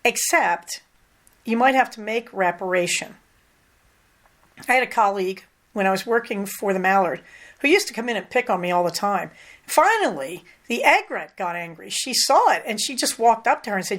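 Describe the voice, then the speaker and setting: An older woman hosting a podcast, talking candidly in a casual, conversational monologue with lively emphasis. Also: a little high, normal speed. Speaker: podcast host.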